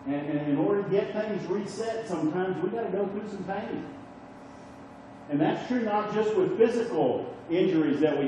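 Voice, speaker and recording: A man's voice: sits high, mellow. A middle-aged man preaching a sermon in a conversational way, often checking in with his listeners. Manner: conversational, asks the audience "okay?" and "right?". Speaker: pastor. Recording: echoey room from far off, dull and noisy.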